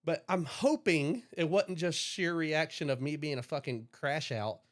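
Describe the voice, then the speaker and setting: A man's voice: a little high, a little slow. A young man on a podcast, casually telling rambling stories, swearing freely. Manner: profane, rambling storyteller. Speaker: podcast co-host. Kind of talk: casual chat.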